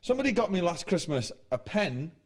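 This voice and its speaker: A man's voice: high-pitched, big pitch swings, a little fast. A man, a musician giving casual interview answers in a blunt, sardonic way and swearing freely. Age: 40s. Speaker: musician guest.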